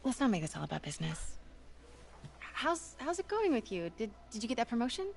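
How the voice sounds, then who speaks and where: Brief: a wry young reporter, lively gravelly voice. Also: female voice, fairly high pitch, fairly quick. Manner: probing, wry. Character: sharp young woman reporter.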